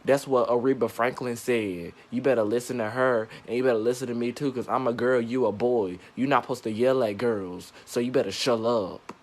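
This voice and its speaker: A man's voice: mid-range voice, steady tone, fairly quick, few pauses, voice pushed down, lightly acted. A man voicing a bossy, sassy little schoolgirl who lectures and scolds in a comedy skit. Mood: scolding.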